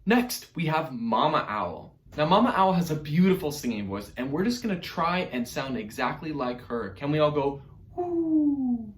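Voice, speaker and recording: Upbeat male music teacher, lively pitch. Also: normal speed, hardly any pauses. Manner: upbeat, encouraging, addresses kids directly. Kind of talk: online music lesson for young children. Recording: roomy echo with faint music.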